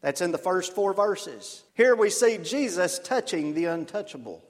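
A man's voice: sits high, lively intonation, a little slow. A man preaching a sermon as pastor, earnest and conversational, telling stories. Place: church. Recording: long reverb of a church hall.

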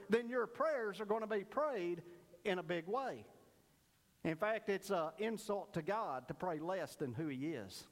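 Brief: male pastor, folksy storyteller turned earnest preacher, high-pitched voice, church reverb. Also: animated, a little slow. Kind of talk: sermon with a told joke.

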